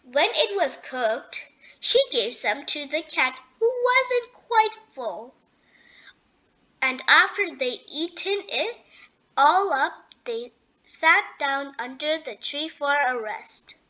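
A woman reading a children's storybook aloud, gentle and expressive. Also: high-pitched, slow pace. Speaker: storybook reader. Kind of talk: children's read-aloud narration.

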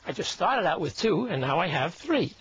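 A man's voice: high voice, very animated, moderate pace, a bit bright, husky, no room sound. An older man performing comedic magic patter as a magician, a wisecracking, chatty showman.

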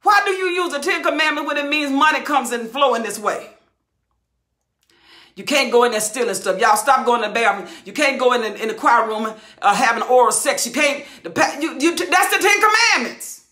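A woman's voice: high voice, lively intonation, normal speed, sharp tone. A woman teaching the Bible verse by verse, preaching with passion, hollering and repeating phrases for emphasis. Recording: roomy echo.

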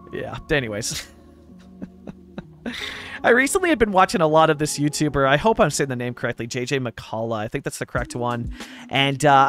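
A man's voice: a little high, a bit bright. A man from Vancouver giving casual gameplay commentary over a city-building game, rambling, chuckling often and thinking aloud. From Canada (Vancouver). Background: faint background music.

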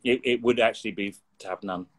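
A man's voice: lowish voice, fairly even intonation, fast, slightly rough. A middle-aged man from England speaking as an interview guest, earnest and reflective, often repeating words as he searches for them. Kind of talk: interview conversation.

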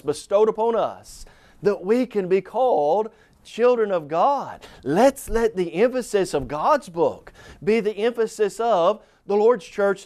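A man preaching a televised sermon, earnest and emphatic, asking rhetorical questions and slowing down to stress key phrases. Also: a little high, a little mellow.

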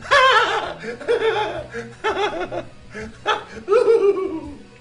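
A man playing a shrill, cackling, insulting evil clown who hosts a live call-in show. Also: very animated, drawn-out words, bright, forceful tone, reverberant, soft background music, heavily acted. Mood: taunting. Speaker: host.

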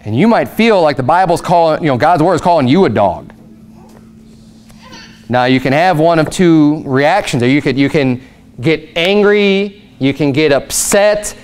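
Young southern guy preaching a sermon, kinda high voice, gets fired up and loud. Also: animated, a little slow, smooth. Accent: Southern American. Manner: impassioned, rising to loud emphatic peaks. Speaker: pastor.

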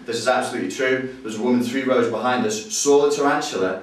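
Trainer: man, animated storyteller, room reverb heavy, mic at a distance. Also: mid-range voice, fast. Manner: animated, jokey, acts out voices and screams. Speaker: NLP trainer. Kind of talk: lively teaching with acted-out stories.

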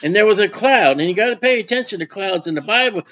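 A man's voice: sits high, animated, quick pace, fairly bright tone, dull audio. A man preaching a sermon as pastor, folksy and conversational, often putting questions to his congregation.

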